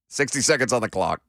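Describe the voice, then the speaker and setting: A man's voice: medium pitch, a bit bright, no room sound. A man in his late twenties hosting a sports radio show in a studio, chatting casually and poking fun at himself with rambling restarts. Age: late 20s. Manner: self-deprecating, rambling with restarts. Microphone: studio broadcast mic.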